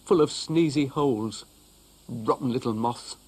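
A man's voice: mid-range voice, unhurried, husky. A man voicing a grumpy, self-pitying male dog in a cartoon, huffing and grumbling indignantly. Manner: huffy, indignant, mutters and grumbles.

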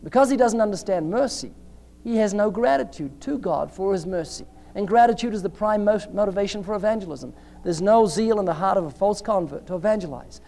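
A man's voice: high voice, expressive, fairly quick, creaky, mellow. A man preaching a sermon in an emphatic style, acting out short dialogues with changing voices.

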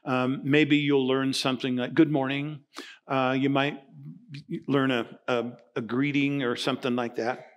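A man in his sixties preaching a sermon as pastor, telling stories in a lively way and acting out both sides of conversations. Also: mid-range voice, unhurried. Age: 60s. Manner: animated storytelling, acting out dialogue.

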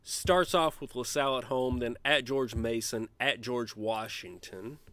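A man streaming a college basketball management game, chatting casually and shouting gleeful trash talk when his team wins. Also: medium pitch, unhurried, no room sound. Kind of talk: let's play commentary.

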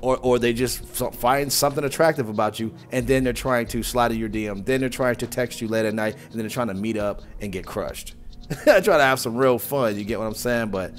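A man's voice: mid-range voice, brisk, soft background music. A man hosting a reaction channel, giving emphatic, scolding commentary with sweeping judgments.

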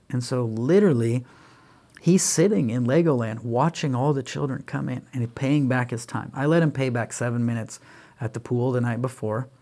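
A middle-aged man speaking as a podcast guest, telling parenting stories and acting out what he says to his kids. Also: medium pitch. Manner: animated, acts out quoted dialogue with his kids. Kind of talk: conversational storytelling.

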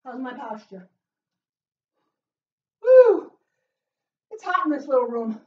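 A woman leading a home workout as a fitness instructor, cheering with loud whoops and getting out of breath as she exercises. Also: a little high, brisk. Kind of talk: live workout coaching. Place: small closed room at home. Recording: roomy, distant, dull sound.

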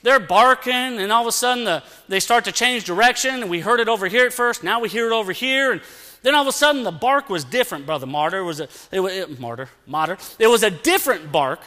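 A man's voice: sits high, quick pace. A man preaching and telling a story with lots of energy, acting out sounds and bits of dialogue in a church. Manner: animated, acts out sounds and dialogue. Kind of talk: storytelling sermon. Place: church sanctuary. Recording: long church-hall reverb.

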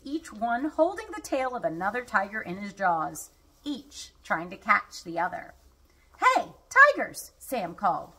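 A woman reading a children's storybook aloud in an expressive, unhurried way. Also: mid-range voice, breathy edge.

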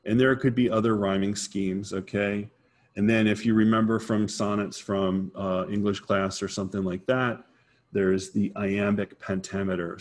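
A man's voice: on the low side, fairly even intonation, unhurried. A man teaching an informal poetry lesson, thinking aloud and correcting himself as he works things out.

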